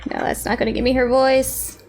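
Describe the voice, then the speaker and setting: High-voiced woman chatting with viewers. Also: flat delivery, a little fast, faint music behind. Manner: chatty, greets viewers by name. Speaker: live streamer. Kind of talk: casual chat with viewers.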